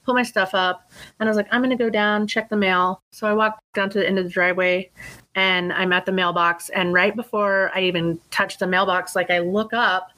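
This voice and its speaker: A young adult woman, a guest on a talk podcast, telling a story in an animated way, acting out her own quotes and swearing casually. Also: mid-range voice, a little fast, rough recording. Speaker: psychic life coach, guest.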